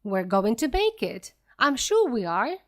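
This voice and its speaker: A woman's voice: a little high, very animated, measured pace. A woman voicing a clever, brave male fox who urges his family on in an urgent voice. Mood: encouraging. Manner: urgent, shouting commands.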